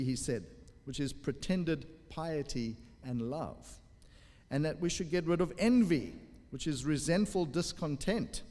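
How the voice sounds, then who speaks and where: A man preaches a teaching sermon with a slightly raised pitch, explaining each point step by step with short filler pauses. His voice rings out with a long hall reverb. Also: a little mellow. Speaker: pastor.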